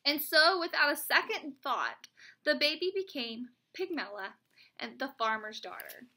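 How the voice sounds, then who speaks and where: A young woman, a teacher at home, reading a storybook aloud to her child with animated, chatty asides. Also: high-pitched, unhurried, a little hiss or hum.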